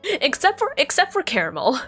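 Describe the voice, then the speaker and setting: A woman's voice: high voice, huge pitch swings, a little fast, fairly bright tone, soft background music. An American woman streaming live, chatting casually and thinking aloud, often stopping to correct herself. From United States.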